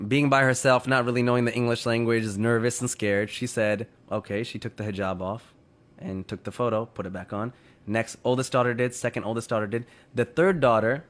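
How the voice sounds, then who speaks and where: A man casually retelling a story to others in conversation, full of "you know" and "like". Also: medium pitch.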